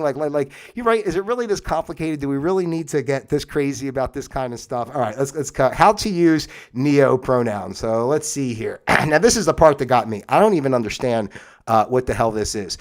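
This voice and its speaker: A man's voice: a little high, animated, fairly quick. A man hosting a livestream, reading aloud from a web page and rambling in casual, incredulous asides. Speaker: livestream host. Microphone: webcam setup, moves on and off camera.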